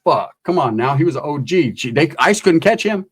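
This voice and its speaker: A man tells a comic story in an animated, foul-mouthed way, jumping into voices for everyone in it. His voice sits a little high for a man. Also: brisk, slightly rough. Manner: animated, profane, acts out every character. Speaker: comedian. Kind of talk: comedic storytelling.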